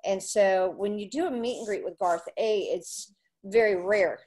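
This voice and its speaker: This woman, a country music radio personality, shares anecdotes in a relaxed chat, her mid-range voice unhurried. She's an animated storyteller who acts out the voices of the people she quotes.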